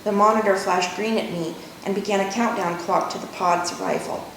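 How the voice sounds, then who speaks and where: A woman author reading her novel aloud in measured first-person narration. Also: fairly even intonation, far from the mic. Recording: echoey room, faint rumble.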